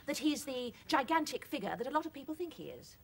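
An actress playing a dry, wry middle-aged wife in a 1980s sitcom. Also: female voice, high-pitched, very animated, quick pace, gravelly, very noisy, full character voice. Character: wry, patient English wife studying.

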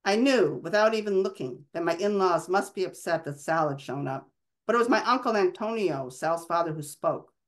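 A woman's voice: fairly low pitch, expressive, normal speed. A woman author reading a passage from her novel aloud, expressively.

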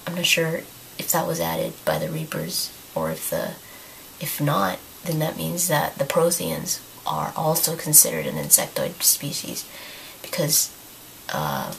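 A woman's voice: low-pitched, sing-song, measured pace, vocal fry, slight background noise, low-quality recording. A woman who is losing her voice, casually rambling about a video game as the host of her own channel and restarting her sentences often. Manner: rambling, thinking aloud with many restarts. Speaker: YouTube gaming channel host. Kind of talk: casual talk to camera.

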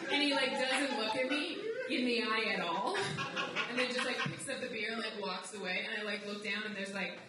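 A young woman performs stand-up comedy in a live venue, her voice slightly high and wry in tone. She is heard from across a very echoey room. There is a layer of noise under her voice throughout the recording. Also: measured pace, pauses often. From outside the United States. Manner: wry, conversational, swings into high mocking voices for quotes. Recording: roomy live recording from a distance, noisy.

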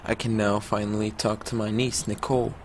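A man voicing a kindly, wistful male innkeeper, reading the game dialogue slowly in his own voice. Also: fairly low pitch, flat delivery, slight background noise, lightly acted.

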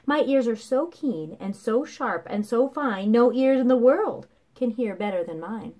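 A woman's voice: a little high, animated, unhurried, dark tone. A woman voicing a boastful, proud male rabbit in a storybook reading, bragging with his chest puffed out.

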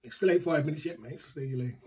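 A man's voice: a little high, very fast, a little mellow, husky. A man chatting loosely on a livestream, boastful and rambling. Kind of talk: casual livestream chat.

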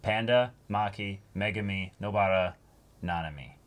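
A man's voice: fairly low pitch, moderate pace. A man co-hosting a casual anime reaction chat, thinking aloud and restarting his sentences as he trails into asides. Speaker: co-host.

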